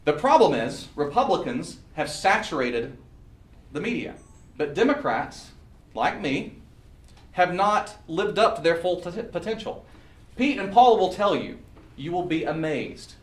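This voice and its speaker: A man addresses a meeting in an earnest, pleading campaign speech. His voice sits a little high for a man. It is heard from a distance in an echoey room. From Southern US. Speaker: political candidate. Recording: echoey room, mic far off.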